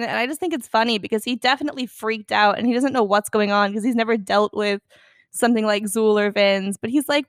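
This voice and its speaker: Chatty young woman, high and dry. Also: a little fast, no echo. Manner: chatty, animated, acts out quotes. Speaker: podcast co-host. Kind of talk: casual film discussion.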